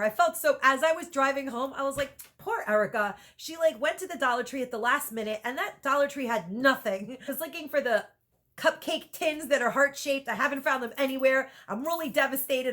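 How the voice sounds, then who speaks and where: A woman vlogger telling a rambling, animated story in casual chat, with lots of "like" and laughter. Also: high voice.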